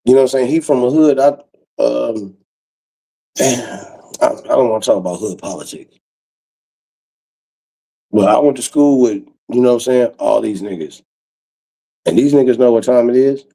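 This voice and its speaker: A man telling a comic story in a casual, profane, animated way, acting out the quotes. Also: medium pitch, moderate pace, vocal fry, pauses often, rough recording. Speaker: comedian storyteller.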